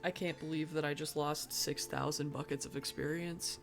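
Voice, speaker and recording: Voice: medium pitch, steady tone, moderate pace, creaky, fairly bright tone. A streamer doing live gameplay commentary, muttering to themself and grumbling about their own mistakes. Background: background music and keyboard typing.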